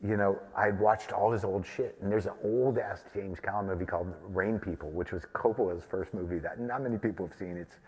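A man's voice: low voice, brisk, few pauses, a little mellow, slightly rough. A man from New Mexico, a guest at a live podcast taping, telling a long, rambling, profane story. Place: live stage taping before an audience. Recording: long hall reverb.

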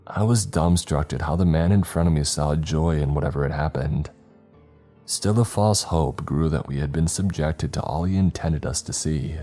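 A man reading a scary story aloud in a slow, measured, grave manner, as the narrator of a horror podcast. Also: faint music behind. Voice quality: very deep, dark voice.

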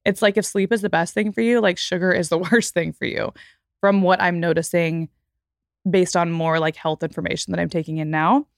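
A woman's voice: fairly low pitch, steady tone, a little fast, vocal fry, no room sound, studio quality. A woman of thirty hosting her own podcast, talking candidly and reflectively in a casual way with lots of fillers. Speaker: podcast host. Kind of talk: casual solo podcast talk.

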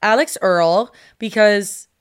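An American woman co-hosting a podcast, chatting casually with playful, animated asides. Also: mid-range voice, slow pace, clean tone. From United States. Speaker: podcast co-host. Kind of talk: casual chat.

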